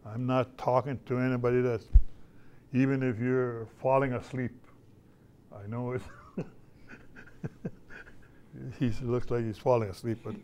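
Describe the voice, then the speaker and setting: A man's voice: mid-range voice, little pitch movement, a little slow, pauses often, darkish tone, clear, resonant tone, lo-fi sound. Older man talking to kids. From Canada. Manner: storytelling, folksy, repeats phrases. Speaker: visiting artist. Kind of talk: casual talk to schoolchildren.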